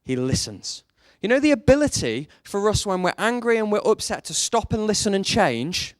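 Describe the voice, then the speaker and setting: Lively preacher, dry close sound. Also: male voice, high voice, dry recording. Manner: storytelling, animated, rises sharply for emphasis; rhetorical questions to the congregation. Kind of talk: sermon.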